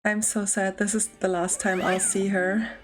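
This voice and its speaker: A woman's voice: mid-range voice, flat delivery, moderate pace, music in the background. A young woman streamer chatting casually and giggling while she plays a game and answers chat. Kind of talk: casual let's-play commentary.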